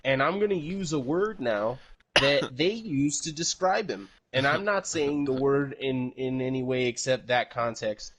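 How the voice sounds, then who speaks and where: A man hosting a casual podcast in an ordinary mid-pitched voice. He rambles and doubles back on himself, and he swears freely as he goes. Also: a little slow, a bit bright, slight background noise. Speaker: podcast host.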